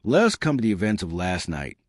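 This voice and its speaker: A man voicing a fastidious middle-aged detective who questions in a dry, formal way. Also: lowish voice, wildly swooping pitch, dry recording.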